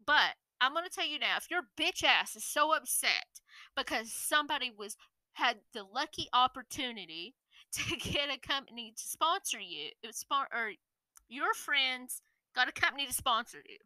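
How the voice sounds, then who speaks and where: A high, piercingly bright woman's voice, blunt and profane as she rants to her viewers. She sounds exasperated, and the sound is close and completely dry. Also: no echo, rough recording. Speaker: streamer and influencer. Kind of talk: ranting vlog monologue.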